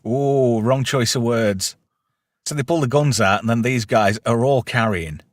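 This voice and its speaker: A man's voice: medium pitch, a little slow, no room sound, studio quality. Man recapping a film, laughing often. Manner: recaps plot with lively quoted lines and frequent laughs. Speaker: podcast host. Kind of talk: casual film review chat.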